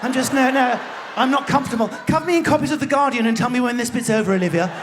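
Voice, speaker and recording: A comedian voicing an uneasy, prim woman in the audience, talking in a hushed, fretful way. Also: very high voice, racing. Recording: live theatre with crowd noise.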